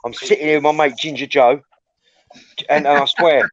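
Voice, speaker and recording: A man hosting a livestream tells a crude, rambling anecdote packed with swearing, animated as he spins the story in casual chat. His voice is on the high side at a moderate pace, and the audio sounds dull.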